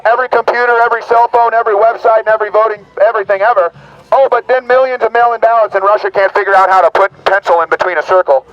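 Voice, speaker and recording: Strained, high-pitched man haranguing an outdoor crowd through a megaphone; mocking, rowdy delivery, dull recording. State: voice strained, nearly gone. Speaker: rally speaker. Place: outdoors at a street rally.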